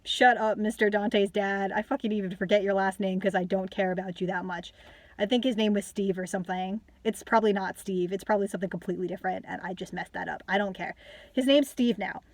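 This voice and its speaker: A woman's voice: mid-range voice, fairly even intonation, fast talker, darkish tone, no room sound. A young woman casually reviewing a book, ranting with lots of fillers and some swearing.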